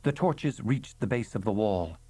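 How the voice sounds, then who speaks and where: A man reading a fantasy novel aloud in measured, dramatic narration. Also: fairly low pitch, lively intonation, warm tone, breathy edge. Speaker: audiobook narrator. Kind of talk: scripted narration.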